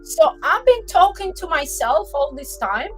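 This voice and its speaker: A woman's voice: high-pitched, sing-song, a little slow, faint music behind. A woman hosting a live art stream, chatting casually and rambling cheerfully into a computer microphone.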